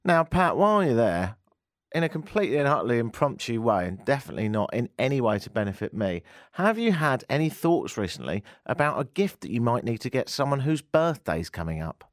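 A man's voice: medium pitch, big pitch swings, fairly quick, no echo. A man hosting a radio talk show, teasing and joking with his guests. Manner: teasing, playful, dry wit. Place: radio studio. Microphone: studio microphone.

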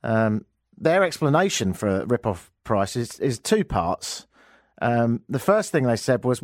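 Animated sarcastic Englishman hosting radio. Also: mid-range voice, measured pace, no echo, clean studio sound. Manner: sarcastic, joking, exaggerated asides. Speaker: radio talk show host. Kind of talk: radio talk show rant.

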